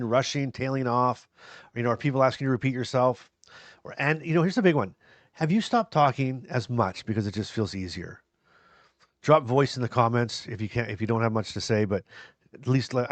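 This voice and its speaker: A man's voice: medium pitch, no room sound. A man hosting a podcast, talking to his viewers in an earnest, encouraging way with some self-deprecating humor. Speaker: podcast host. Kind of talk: casual podcast talk to viewers.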